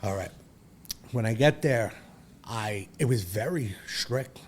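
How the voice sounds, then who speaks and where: A man in his forties with a low voice tells his own story as a guest on a talk show. He is blunt and profane and rambles through restarts and fillers. A faint hiss sits under the recording. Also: expressive, takes it slowly. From Brooklyn, New York. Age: 40s. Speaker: podcast guest. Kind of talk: candid personal storytelling.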